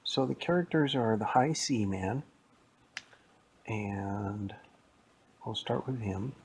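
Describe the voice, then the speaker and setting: A man's voice: on the low side, takes it slowly, slightly rough, low-quality recording. A man telling a playful, rambling story that he makes up as he goes. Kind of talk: improvised spoken story.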